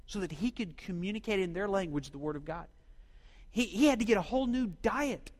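Middle-aged man from Oklahoma, pastor, live sermon, high voice, echoing hall. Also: animated, brisk. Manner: preaching with call-and-response to the congregation.

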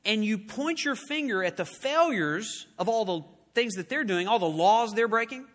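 A man preaching a sermon with emphatic rhetorical questions, swinging between loud urgent lines and hushed ones. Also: high voice, lively intonation, moderate pace, long reverb tail. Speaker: pastor.

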